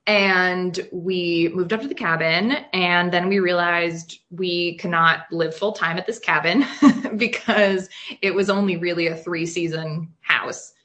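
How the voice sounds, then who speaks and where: In a steady, low-side voice that's slow and a bit bright, a woman from New York tells an anecdote as an interview guest. Her telling is chatty and packed with fillers, with little laughs running into her lines.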